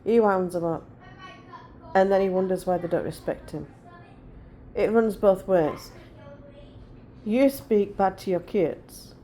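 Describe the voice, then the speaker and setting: A woman's voice: medium pitch, slow, long pauses, warm tone, a little hiss or hum. A woman in her forties chatting casually to her viewers, blunt and rambling as she tells stories. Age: 40s. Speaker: vlogger. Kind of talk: casual chat.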